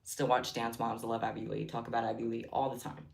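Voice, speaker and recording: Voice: mid-range voice, completely flat delivery, a little fast, gravelly. A livestream host chatting casually while crafting, giggly and rambling off on tangents. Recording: roomy echo.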